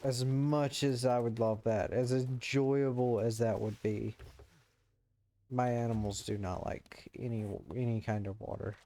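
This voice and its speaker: Dry-humored man with a mellow voice. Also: mid-range voice, level tone, measured pace, a little hiss or hum. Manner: dry, joking comebacks. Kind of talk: casual gaming chat.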